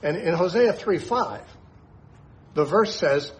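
A man's voice: high voice, lively intonation, slow, poor audio. A man who teaches the Bible on the radio, explaining scripture in an emphatic way and posing rhetorical questions to his listeners.

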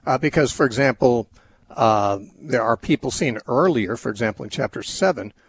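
Male call-in host, husky voice, musing and meandering, mid-pitched, explains scripture off the cuff. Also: lively intonation, normal speed, dry recording. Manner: thoughtful, rambling with many restarts and fillers. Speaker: radio Bible-teaching call-in host. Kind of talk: unscripted call-in Bible answers.

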